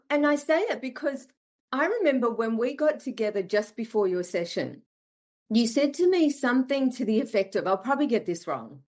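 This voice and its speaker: A woman hosting an interview podcast, encouraging her guest with short affirmations and curious follow-up questions. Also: fairly high pitch. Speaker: podcast host. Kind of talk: interview conversation.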